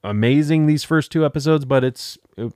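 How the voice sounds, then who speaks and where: A man's voice: a little high, normal speed, dark tone, no room sound, studio quality. A young man hosting a podcast, chatting casually and rambling with lots of restarts and fillers. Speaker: podcast host. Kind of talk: casual chat.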